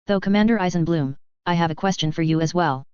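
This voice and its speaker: A storyteller reading a guarded captive woman commander in a flat, monotone way. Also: medium pitch, fast talker, clear, resonant tone, dry recording, muffled recording, lightly acted.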